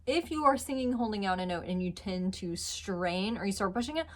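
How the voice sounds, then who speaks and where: A woman teaching a singing lesson, patiently explaining pitch and demonstrating notes with her voice. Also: expressive, fairly quick. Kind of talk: vocal lesson.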